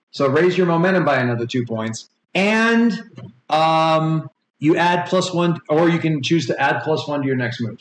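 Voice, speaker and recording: A man in his forties running a tabletop game and rambling through rules explanations with many fillers. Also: fairly high pitch. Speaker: game master. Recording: echoey room with faint noise.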